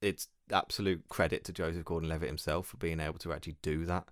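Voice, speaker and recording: A man, chatting casually and telling rambling, animated stories as a podcast co-host. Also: sits low, fast talker, no room sound, clean studio sound. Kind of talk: casual chat.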